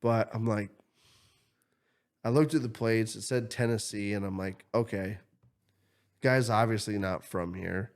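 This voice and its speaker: Male podcast host, lively storyteller who swears a lot and voices his characters. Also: fairly low pitch, unhurried, pauses often. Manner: animated, swears freely, acts out quotes. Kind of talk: casual storytelling chat.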